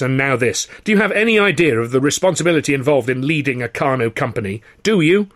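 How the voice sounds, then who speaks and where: A man's voice: fairly high pitch, fairly bright tone, voice pushed up. A man voicing an indignant male theatre company manager who lectures and scolds in an audiobook reading. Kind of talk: audiobook character voice.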